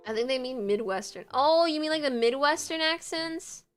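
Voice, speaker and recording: A woman's voice: high-pitched, lively intonation, normal speed, faint music behind. A woman streamer chatting casually, full of fillers, reacting to a video. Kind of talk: casual live-stream chat.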